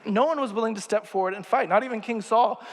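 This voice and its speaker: A man's voice: high voice, quick pace, in a large hall. A young man preaching a casual sermon, chatty and joking and asking the crowd questions, in a church sanctuary.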